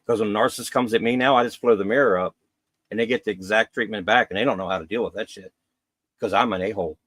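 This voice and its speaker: A man's voice: quick pace, a bit bright, dry recording. A middle-aged man telling a personal story as a podcast guest, candid and rambling, voicing quotes of others. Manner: candid, rambling, acts out quotes with raised pitch.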